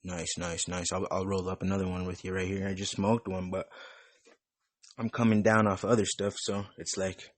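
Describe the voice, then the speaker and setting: A man's voice: low-pitched, flat delivery, moderate pace, no room sound. A young man hosting a podcast, chatting in a loose, rambling way with plenty of cursing. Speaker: podcast host. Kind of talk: casual chat.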